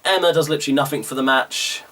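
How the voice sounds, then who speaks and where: A man's voice: a little high, fast, fairly bright tone. Chatty British man reviewing wrestling. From Britain. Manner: chatty, opinionated, with frequent "um" and "uh". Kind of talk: casual recap commentary.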